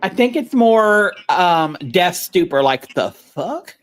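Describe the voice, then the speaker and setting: A man's voice: high voice, expressive, takes it slowly, smooth, faint music behind. A man co-hosting a casual podcast, talking in a rambling, blunt way and swearing freely. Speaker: podcast co-host. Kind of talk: casual chat.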